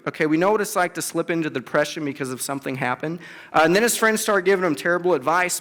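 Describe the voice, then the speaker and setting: A man's voice: fairly high pitch, a bit bright. A young man giving a casual sermon to a campus group, talking conversationally and acting out biblical quotes with emphasis. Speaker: campus ministry speaker. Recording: long reverb of a large hall.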